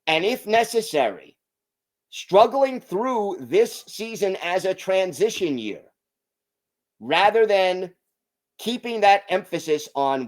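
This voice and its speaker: A man hosting a hockey podcast, giving his opinions in an emphatic, deliberate way. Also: high-pitched. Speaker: podcast host.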